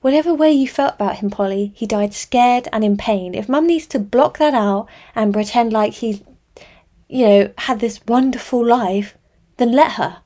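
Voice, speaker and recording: A woman's voice: medium pitch, lively intonation, moderate pace, gravelly, dark tone. A woman voicing a flippant, defensive younger sister with a breezy, teasing way of talking. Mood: heated.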